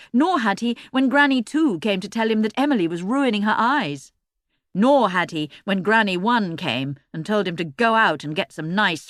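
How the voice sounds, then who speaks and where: A woman narrating a children's storybook in an expressive, lively way, recorded close on a studio mic. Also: medium pitch, no room sound. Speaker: audiobook narrator.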